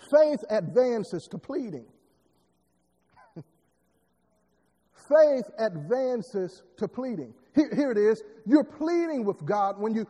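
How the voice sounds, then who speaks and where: A man's voice: sits high, dark tone, slightly rough. A man preaching a sermon, repeating words and building emphatic rising lines. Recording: long hall reverb.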